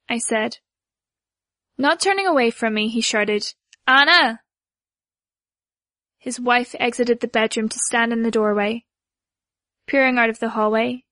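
A woman narrating a first-person story in a measured way, voicing the dialogue lightly. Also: a little high, fairly bright tone, no echo. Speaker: audiobook narrator.

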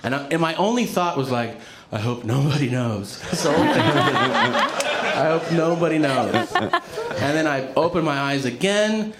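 A man's voice: fairly high pitch, animated, normal speed, noisy background. A man telling a long personal story in casual chat, laughing often and acting out what others said, with frequent fillers.

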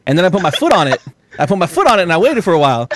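High-pitched and very animated, this man races through a long, rambling, swear-filled story as a guest on a podcast, laughing often. Background noise can be heard.

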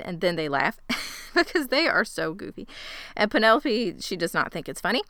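Woman, sarcastic casual recap, bright tone, very clear voice, dry close sound. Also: mid-range voice, big pitch swings, moderate pace, no room sound. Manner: playful, sarcastic, laughs often. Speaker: podcast co-host recapping a TV episode.

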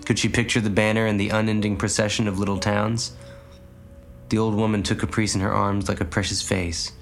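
A man narrating an audiobook story in a measured, even way. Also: lowish voice, creaky, soft background music. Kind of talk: audiobook reading.

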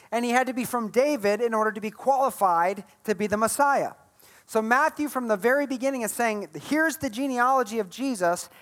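A high-voiced man preaches a sermon as a pastor, retelling Bible stories animatedly and acting out the scenes.

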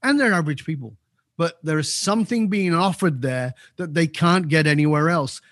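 A man's voice: on the high side, normal speed, a bit bright, no echo, clean studio sound. A man as an interview guest giving opinionated commentary, emphatic and repeating key points for force.

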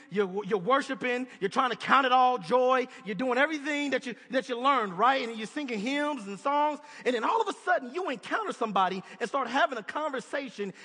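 Man, preacher, sermon, high pitch, bright, husky, conversational, emphatic, long hall reverb. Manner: conversational, emphatic, asks the audience questions.

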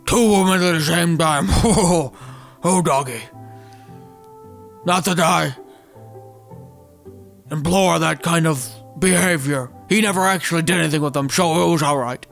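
A man doing a gravelly, rambling old president. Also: on the high side, measured pace, long pauses, fairly bright tone, faint music behind. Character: impression of a rambling elderly former male president. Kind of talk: comic storytelling.

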